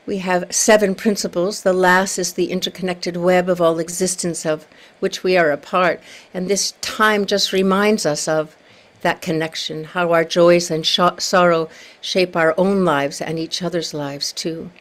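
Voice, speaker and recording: A woman minister leading a service on a video call, speaking gently and prayerfully. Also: lowish voice, fairly even intonation, unhurried. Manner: gentle, prayerful, warm-hearted.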